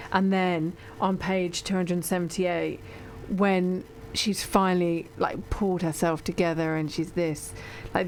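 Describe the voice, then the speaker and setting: A chatty, enthusiastic woman hosts a radio book show. Her voice sits on the low side. A faint hiss sits under the studio sound. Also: a little mellow. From Britain. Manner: chatty, enthusiastic, plugs books. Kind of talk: casual radio interview chat.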